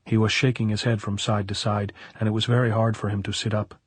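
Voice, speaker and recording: A man reading a novel aloud as an audiobook narrator, in a steady, measured storytelling manner. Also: on the low side, husky, dry recording.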